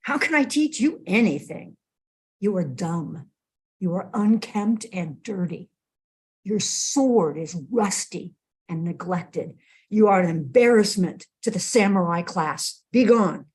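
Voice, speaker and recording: A woman voicing a calm old male monk who speaks with disdain, slow and measured, within a spoken sermon. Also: lowish voice, creaky, husky, heavily acted. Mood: disdainful.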